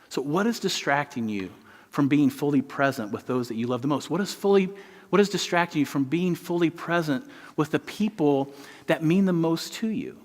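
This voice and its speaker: A middle-aged man pastor preaching a sermon, telling a story in an animated way. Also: fairly high pitch, normal speed. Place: large church auditorium. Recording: long reverb in a large hall.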